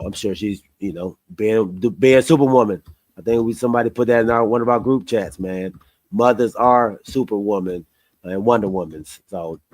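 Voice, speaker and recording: Casual male podcast host, mid pitch, loose and easygoing, close dry mic. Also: fairly bright tone, no echo. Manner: laid-back, says "man" often.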